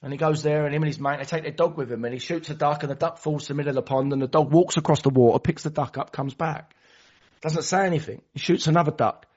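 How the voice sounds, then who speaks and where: A man's voice: on the high side, fast talker, a little mellow. A man giving a passionate, storytelling share at a recovery meeting, sometimes acting out other people's voices. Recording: dull lo-fi recording.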